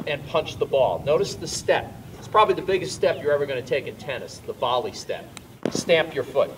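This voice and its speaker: A man's voice: on the high side, distant mic, noisy background. A man teaching tennis on an outdoor court, explaining volleys while demonstrating shots and calling out coaching pointers. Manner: explaining while hitting balls, bursts of louder coaching. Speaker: tennis instructor.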